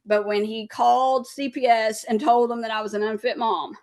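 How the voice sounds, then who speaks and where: A woman's voice: a little high, flat delivery, normal speed, a little mellow. A woman in her thirties, a podcast guest candidly telling a personal recovery story and acting out past conversations. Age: 30s.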